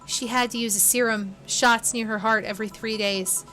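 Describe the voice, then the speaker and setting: A woman streamer voicing a blunt, grieving woman who swears when angry, with soft game music behind. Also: on the high side, steady tone, moderate pace. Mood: somber.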